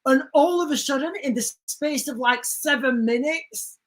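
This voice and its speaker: A man hosting a live stream, rambling and animated as he talks to his viewers. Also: extremely high pitch, normal speed. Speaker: livestream host.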